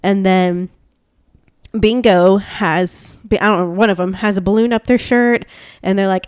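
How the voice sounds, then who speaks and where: A woman's voice: medium pitch, steady tone, moderate pace, a little mellow, clear, resonant tone, no echo, studio quality. Gushing chatty woman podcast host. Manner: gushing, chatty, rambling with many fillers. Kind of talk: casual chat.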